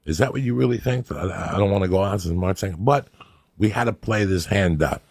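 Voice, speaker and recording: Gravelly New storyteller, profane. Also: male voice, sits low, fast, dry recording, clean studio sound. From New Jersey. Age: older. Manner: profane, animated street storytelling. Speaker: host. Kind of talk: casual storytelling monologue.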